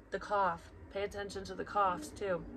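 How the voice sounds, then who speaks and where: A woman's voice: medium pitch, noisy background. A young woman talking casually as a psychic reader, blunt and rambling, swearing often and sometimes dropping to a whisper. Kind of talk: casual personal chat.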